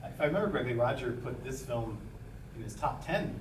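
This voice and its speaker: A man's voice: mid-range voice, lively intonation, fairly quick. A man moderating a Q&A and calling on audience members. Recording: echoey hall from far off, audible noise.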